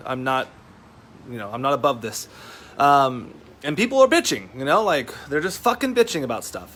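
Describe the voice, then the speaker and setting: A man's voice: on the high side, fairly bright tone. A man hosting a casual vlog, speaking bluntly and with lots of profanity as he rants about taking responsibility. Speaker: marketing coach vlogger. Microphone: phone camera.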